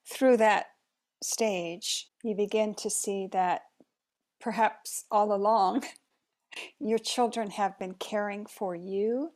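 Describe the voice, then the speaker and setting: A middle-aged woman chatting casually, reflective and unhurried, with soft laughs. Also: mid-range voice. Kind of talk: casual chat.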